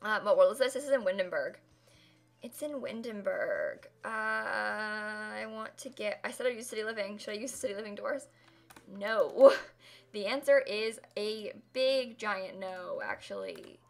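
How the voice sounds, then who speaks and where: A woman's voice: medium pitch, big pitch swings, moderate pace. A young woman live-streaming a game build, chatting casually and laughing often as she thanks viewers. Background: faint music and keyboard typing.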